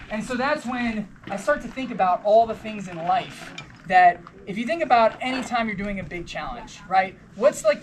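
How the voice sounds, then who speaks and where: A young woman giving a motivational talk to runners at a race event, telling a story and acting out the dialogue with casual slang. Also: medium pitch. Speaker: motivational speaker at a race briefing. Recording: noisy outdoor ambience.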